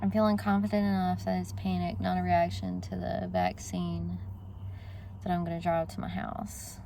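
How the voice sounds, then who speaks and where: A woman's voice: lowish voice, normal speed, gravelly, dark tone, a little hiss or hum. A woman, chatting casually to her viewers in a vlog. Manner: chatty, talks straight to viewers. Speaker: vlogger.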